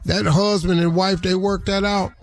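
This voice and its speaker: A man hosting a morning radio show in easygoing, casual banter. His voice is gravelly and sits fairly high. Faint music plays underneath. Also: little pitch movement, moderate pace. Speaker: radio host.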